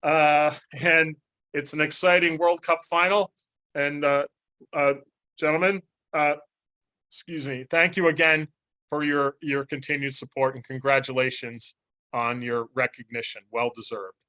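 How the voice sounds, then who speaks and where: Male webinar host, somewhat high-pitched, rambling and folksy, video call. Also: level tone, measured pace, pushed and bright. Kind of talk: moderating a webinar Q&A and closing remarks.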